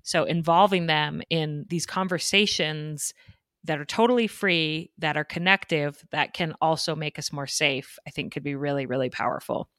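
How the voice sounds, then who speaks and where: A woman's voice: low-pitched, normal speed, fairly bright tone, no echo. A woman hosting a podcast, chatty and encouraging, with a dry sarcastic streak. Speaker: podcast host. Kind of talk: casual podcast interview.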